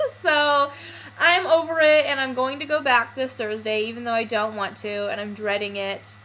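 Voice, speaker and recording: Young woman vlogging, kinda high bright voice, lots of ums, faint hiss behind. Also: steady tone, moderate pace, poor audio. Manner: chatty, candid, with many fillers. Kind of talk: casual personal vlog.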